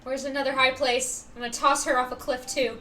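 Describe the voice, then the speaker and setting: A woman's voice: sits high, little pitch movement, a little fast, sharp tone, recorded from a distance, slight background noise. A woman live-streaming a game, talking dramatically to her viewers, pleading and wailing over her luck. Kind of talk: casual live-stream chatter while gaming.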